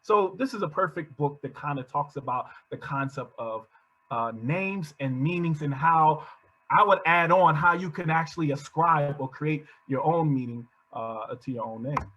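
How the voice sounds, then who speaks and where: A man presenting to teachers in an animated storytelling lecture, restarting often and chuckling as he goes, over a video call. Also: fairly high pitch, moderate pace, rough recording.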